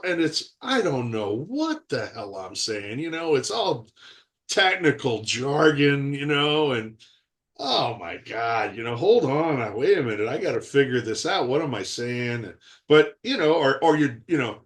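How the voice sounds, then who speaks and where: This sixty-something actor, speaking on a video call interview, wanders through lively anecdotes punctuated by frequent laughter. He speaks at a normal pace in a slightly high voice.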